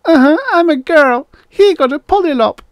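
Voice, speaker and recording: A man's voice: extremely high pitch, animated, moderate pace, no room sound, clean studio sound, voice pushed up. A man doing a bossy little girl. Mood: demanding. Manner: demanding, bossy. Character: small demanding little girl.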